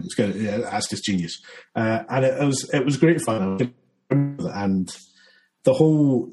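Guy chatting about making his film, deep mellow voice, lots of ums and restarts. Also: poor audio. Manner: rambling, many fillers and restarts, laughs often. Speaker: filmmaker guest. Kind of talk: casual interview chat.

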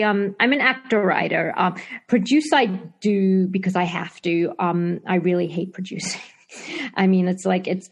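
A woman's voice: lowish voice, vocal fry. A middle-aged woman with a Zimbabwean accent tinged American, an actor-writer chatting in a remote interview with many fillers and restarts. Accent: Zimbabwean with American and British tinges. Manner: hesitant, many restarts and fillers, laughs often.

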